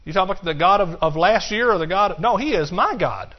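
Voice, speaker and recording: Man, pastor, emphatic preaching in a church, slightly high voice, muffled lo-fi sound. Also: animated, quick pace. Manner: emphatic preaching, shouts of hallelujah. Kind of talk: sermon. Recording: muffled lo-fi sermon recording.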